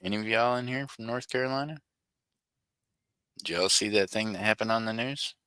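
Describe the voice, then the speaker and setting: A man hosting a casual live stream, rambling through slangy, joking banter and calling out his chatters by name. His voice sits fairly low and comes across forceful and sharp, close and dry with no room around it. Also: fairly quick, smooth, no room sound. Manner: laughs often, slangy banter. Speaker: livestream host.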